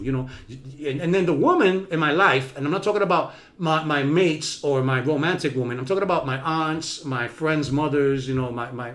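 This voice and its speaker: Speaking a little fast, the talk show host animates his live-streamed motivational monologue with loud, emphatic bursts that drop into low, quiet asides.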